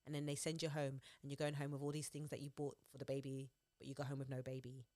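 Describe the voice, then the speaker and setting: With a very deep voice and fast delivery, this young podcast co-host tells animated stories in casual chat, laughing frequently. The recording is dry.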